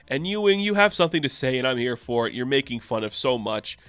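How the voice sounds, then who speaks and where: A man's voice: mid-range voice, fast talker, clean tone, no room sound. A man reviewing a comic book in a casual, sarcastic way, acting out the characters' lines in goofy voices. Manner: animated, sarcastic, acts out quotes in silly voices.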